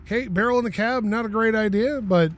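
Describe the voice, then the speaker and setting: A man giving casual gameplay commentary at home, excitable, laughing, swearing and talking to objects in the game. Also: high voice, a little fast, a little hiss or hum. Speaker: gaming YouTuber.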